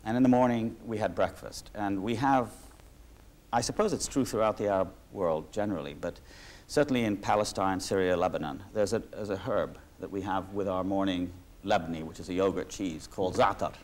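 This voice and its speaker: A man's voice: low voice, brisk, darkish tone. Discursive man in a reflective interview. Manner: discursive, many restarts and asides. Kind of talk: reflective conversational talk. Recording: 1986 archival talk recording.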